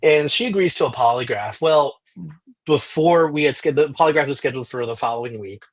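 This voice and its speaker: Husky guy on a podcast recounting a story, lots of restarts, acts out the dialogue. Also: on the high side, a little fast. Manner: animated retelling with frequent restarts and quoted dialogue. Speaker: podcast guest, journalist.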